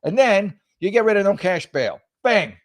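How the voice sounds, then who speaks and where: Male show host, a touch high, dry close sound, sarcastic and rambling. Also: big pitch swings, normal speed, no echo. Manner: sarcastic, mocking, rambling with restarts. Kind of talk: casual political commentary.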